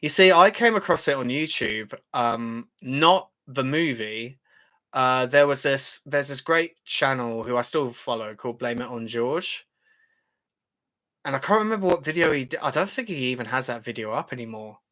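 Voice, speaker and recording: A man's voice: medium pitch, expressive, moderate pace, pushed and bright. A British man hosting a casual livestream, chatting as he reads out viewer comments, with frequent fillers and laughs. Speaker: channel host.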